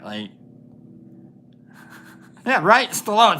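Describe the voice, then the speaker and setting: A man's voice: high-pitched, big pitch swings, slow pace, pauses often, sharp tone. A man hosting a casual livestream, chatting with viewers while he paints, laughing often and thinking aloud with many fillers. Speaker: livestream host.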